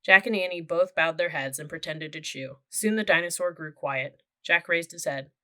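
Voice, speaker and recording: A woman narrating a children's audiobook with steady, clear storytelling. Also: deep voice, moderate pace.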